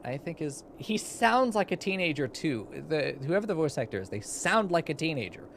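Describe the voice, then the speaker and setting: A man's voice: medium pitch, very animated, measured pace, fairly bright tone, a little hiss or hum. Chatty male game streamer. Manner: chatty, rambling, frequent fillers and asides. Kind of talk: casual commentary.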